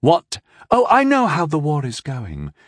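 A cold, scheming teenage princess from an audiobook, sly and a little tipsy, looking down on whoever she addresses, as a man puts her on. The voice sits noticeably higher and swoops with lively pitch. It is recorded close and dry. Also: a little slow, dry recording, full character voice. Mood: condescending. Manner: sly, condescending, drawling. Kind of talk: audiobook character voice.

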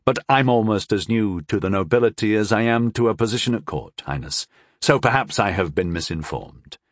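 A man voicing a wary male court wizard in an audiobook, speaking in a measured, restrained and deferential way. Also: on the low side, animated, no room sound, clean studio sound. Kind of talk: audiobook character voice.

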